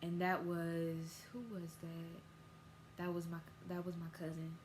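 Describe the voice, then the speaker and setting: A woman's voice: monotone, slow, darkish tone, a little hiss or hum. A teenage girl telling a casual storytime vlog, acting out quoted voices. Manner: casual storytelling, acts out quoted voices with big pitch jumps. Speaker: vlogger.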